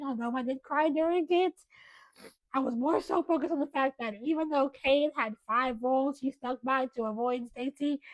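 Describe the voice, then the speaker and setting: A young woman chatting casually on her book vlog, gushing and excitable with bursts of loud enthusiasm. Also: on the high side, no room sound, rough recording. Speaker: book vlogger. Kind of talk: casual chat.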